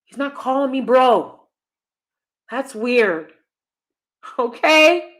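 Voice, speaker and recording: A woman's voice: high voice, lively intonation, very slow, fairly bright tone. A woman in her thirties hosting a live stream, giving blunt, emphatic and sassy commentary to her audience. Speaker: host.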